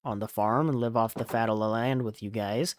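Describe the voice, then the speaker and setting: A lonely, wary stable hand, as a man puts him on, guarded and a touch low. His voice is clear and recorded dry. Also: fairly even intonation, a little fast, dry recording, lightly acted.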